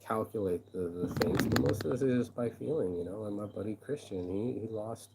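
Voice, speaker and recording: A man's voice: fairly low pitch, brisk, gravelly, heavy background noise. A man delivering a rambling, aggrieved vlog monologue, swearing freely and circling back on his own words. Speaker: vlogger and shirt designer. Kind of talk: casual venting monologue.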